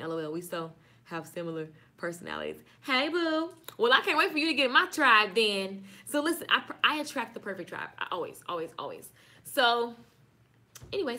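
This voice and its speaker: A woman's voice: a little high, bright, forceful tone. A woman with a Southern US accent, chatting casually and playfully on a live stream about marketing. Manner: chatty, playful, signs off again and again.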